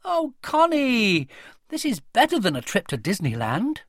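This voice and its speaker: A narrator doing a gushing mum, high and bright. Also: female voice, very animated, a little slow, no echo, clean studio sound. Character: excited cheerful young mother.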